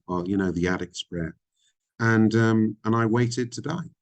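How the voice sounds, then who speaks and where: A middle-aged man speaking frankly as a podcast guest, reflective and halting, with many ums. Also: fairly low pitch. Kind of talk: candid interview conversation.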